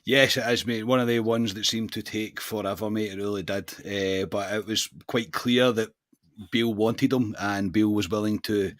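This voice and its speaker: A man's voice: fairly low pitch, fairly even intonation, normal speed, dry recording, studio quality. A Scottish man co-hosting a football podcast, talking in a casual, matey way with frequent restarts. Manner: chatty, says mate constantly, self-mocking laughs. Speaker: podcast co-host.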